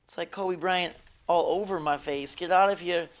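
A slightly hoarse man doing live game commentary on a headset mic, yelping at snakes on screen and joking with viewers. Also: sits high, normal speed, fairly bright tone. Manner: jumpy, yelps and jokes at on-screen snakes, chats with viewers. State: slightly hoarse, under the weather. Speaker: gaming streamer. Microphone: gaming headset.

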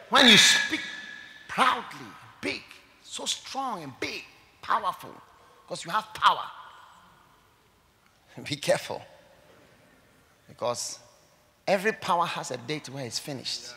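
A male pastor with a Ghanaian English accent preaching a sermon to a church congregation. He swings dramatically between hushed tones and shouts. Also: fairly high pitch, vocal fry. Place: church service hall.

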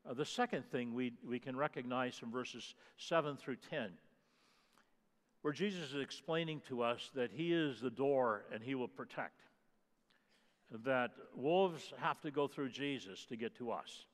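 A male pastor delivers a sermon in a church sanctuary, leaning hard on single words and repeating key phrases. His voice sits at an ordinary middle pitch for a man. A long, ringing hall reverb trails behind every line. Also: measured pace.

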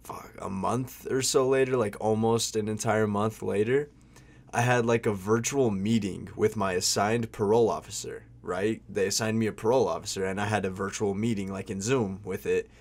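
A man's voice: lowish voice, fairly even intonation, normal speed. A young man telling a story in a casual vlog, rambling and slangy, full of "like" and "bro", swearing freely.

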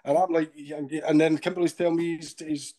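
A Scottish man, middle-aged, tells his story as a podcast guest in a mellow, dark voice that sits a little high for a man. He rambles from one point to the next and keeps tagging his lines with a questioning "eh?". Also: little pitch movement, a little fast. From Scotland. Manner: rambling retelling with frequent tag questions.

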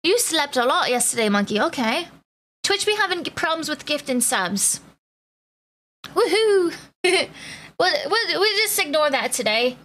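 A woman's voice: high voice, sing-song, moderate pace, bright, forceful tone. A woman streamer chatting casually with her live viewers, greeting them by name in playful slang. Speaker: Twitch streamer.

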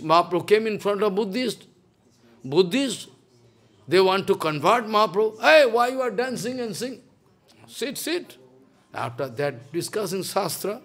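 Guy preaching, high voice, super animated storytelling. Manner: animated, dramatic retelling in broken English. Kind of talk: sermon storytelling.

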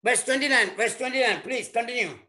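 A man pastor preaching a sermon emphatically, breaking in to comment on the scripture reading and sometimes shouting. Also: very high-pitched, a little fast. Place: church.

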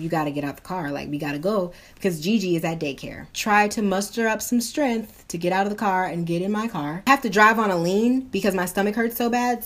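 A young woman in her twenties, a beauty vlogger chatting casually through a storytime while doing her makeup, acting out the voices of the people she quotes. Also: fairly low pitch. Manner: animated, acts out quoted voices.

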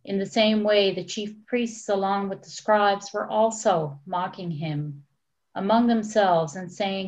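A woman church leader giving a solemn, measured scripture reading. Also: mid-range voice, fairly even intonation, a little mellow. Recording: dull lo-fi recording.

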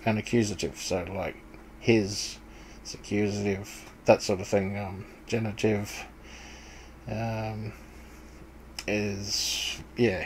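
Hesitant low-voiced man explaining scripture. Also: darkish tone, a little hiss or hum, low-quality recording. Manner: hesitant, with many ums and restarts; plain, conversational explaining. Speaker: Bible study video maker. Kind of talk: casual talk over a screen share.

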